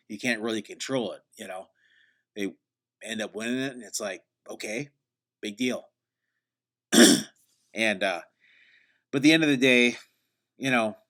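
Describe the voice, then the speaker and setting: A man hosting a solo podcast, talking sarcastically in a meandering, deadpan way with many restarts. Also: mid-range voice. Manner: mock-grandiose hype at the opening. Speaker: podcast host. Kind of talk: rambling solo podcast monologue.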